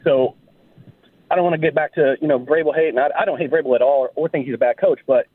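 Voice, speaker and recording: A man calling in to a sports talk show, speaking hesitantly with many pauses. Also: a little high, no room sound. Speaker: caller. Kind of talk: call-in talk radio. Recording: tinny phone line.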